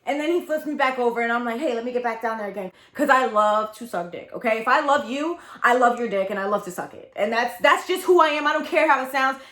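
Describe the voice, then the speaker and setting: A woman in her thirties telling a candid storytime confession, animated, dramatic and blunt, with lots of profanity. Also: sits high, fast, few pauses, echoey room. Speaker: storytelling vlogger.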